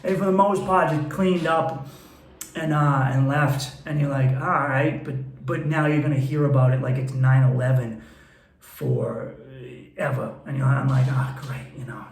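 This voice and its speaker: A man's voice: mid-range voice, measured pace, creaky. A man who is a comedian and podcast host, telling stories in a blunt, profane and candid monologue. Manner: profane, blunt, animated storytelling. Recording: roomy echo.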